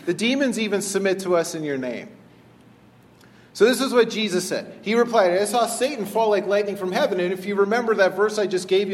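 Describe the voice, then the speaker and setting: A man with a high, light voice delivers a casual, animated sermon. His words ring out with a long hall reverb around them. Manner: animated, conversational, acts out voices in retellings. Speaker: pastor.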